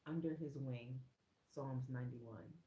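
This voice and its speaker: A woman sharing a faith testimony from her room in casual, excited storytelling. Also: measured pace, reverberant. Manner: excited storyteller who acts out quoted lines in a much higher voice. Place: her own room, indoors.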